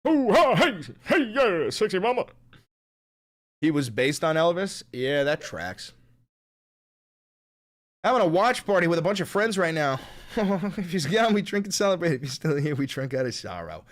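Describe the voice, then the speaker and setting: Speaking at a normal speed with a sing-song lilt, this man has a fairly high-pitched voice. He's running a casual livestream, reading comments from viewers, joking, swearing, and slipping into silly voices now and then.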